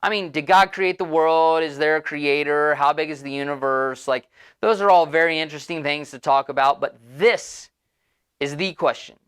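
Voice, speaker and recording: Male pastor, relaxed storytelling sermon voice, chatty asides. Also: on the high side, moderate pace, smooth.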